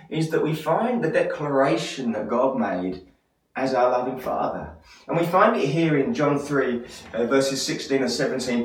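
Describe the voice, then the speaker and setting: A man preaching a sermon as pastor of his church, passionate and building to loud emphatic peaks. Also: a little high. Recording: echoey church hall, mic at a distance.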